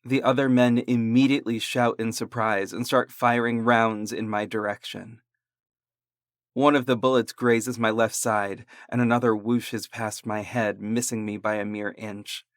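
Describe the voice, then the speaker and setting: Slow, deliberate male horror narrator. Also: on the low side, flat delivery, dry recording, studio quality.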